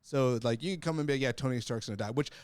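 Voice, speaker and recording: A man co-hosting a podcast in casual chat, explaining his points at length in a quick, analytical way. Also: mid-range voice, clean tone, no echo. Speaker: podcast co-host.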